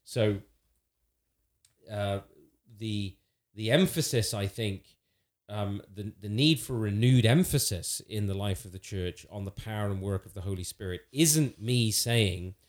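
On a faith podcast, a man speaks thoughtfully and earnestly in a conversational theological discussion. His voice is fairly low and his pace measured, and he often restarts and uses fillers.

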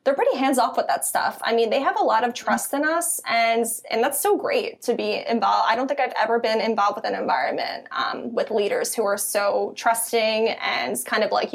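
A woman's voice: on the high side, moderate pace, creaky, hardly any pauses, husky. A young woman with a Philadelphia accent, chatting in an interview as a guest, filling her talk with ums and you-knows. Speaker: guest, content editor. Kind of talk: casual interview conversation.

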